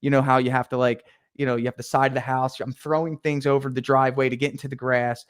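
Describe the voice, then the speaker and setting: A man's voice: medium pitch, level tone, fast talker, smooth. A young man telling a story in casual talk as a podcast guest, acting out his own past lines with energy. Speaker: podcast guest, painting contractor.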